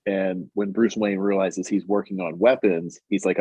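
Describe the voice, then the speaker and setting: A low-voiced man on a podcast, animatedly retelling a comic plot and slipping into the characters' lines. The sound is dry and a little dull and muffled. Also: little pitch movement, normal speed, darkish tone, dry recording. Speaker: podcast co-host. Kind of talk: casual chat recapping a comic.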